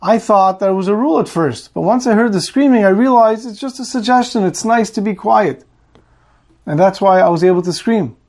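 A humble, pious old rebbe who pleads and explains himself earnestly, as a man puts him on in a story. The voice is high. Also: a little fast, a little mellow.

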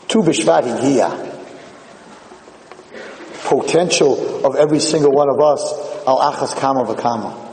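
An American man, a rabbi, giving an animated storytelling sermon and acting out the voices in his tales. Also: medium pitch, measured pace, pauses often, a little hiss or hum. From United States. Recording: echoey hall.

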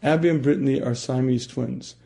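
A man teaching a religious class who often clears his throat and asks his listeners questions. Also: medium pitch, fairly even intonation, a little fast, dark tone.

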